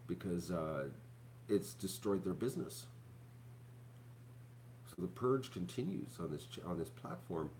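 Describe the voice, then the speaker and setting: A man's voice: deep voice, darkish tone, a little hiss or hum. A man, hosting a casual vlog, rambling to his viewers with lots of fillers and restarts. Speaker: YouTube channel host.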